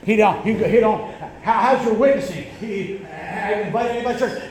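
A middle-aged male pastor preaching a sermon, telling stories and repeating words as he builds to shouted lines. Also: high-pitched, brisk, reverberant. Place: church sanctuary.

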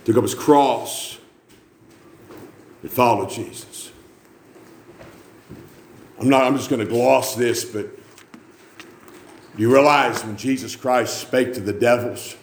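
A man preaching a revival sermon, moving from quiet storytelling to shouted, high-pitched fervor. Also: slow, pauses often, a little hiss or hum. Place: church. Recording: echoey church room.

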